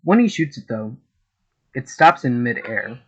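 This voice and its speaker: A man's voice: mid-range voice, very animated, unhurried, fairly bright tone, lo-fi sound. A man casually narrating fan fiction in a rambling, profane way with lots of fillers. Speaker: YouTube storyteller. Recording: noisy home recording.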